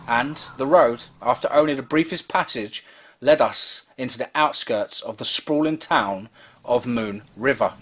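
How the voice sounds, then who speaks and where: A man's voice: mid-range voice, fairly bright tone, slight background noise. Man narrating a horror story over crickets. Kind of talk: dramatic first-person horror storytelling.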